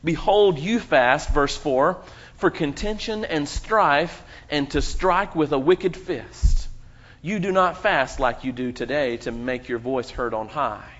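A man pastor delivering a sermon, preaching emphatically with dramatic pauses and quoting scripture. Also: a bit bright. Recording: muffled low-fidelity sound.

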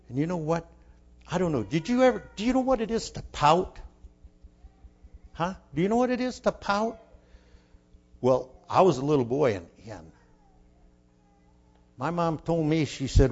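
An older man telling a folksy childhood story, asking his listeners questions and dropping to a hush for his inner thoughts. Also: fairly high pitch, lively intonation, moderate pace, pauses often. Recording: dull lo-fi recording.

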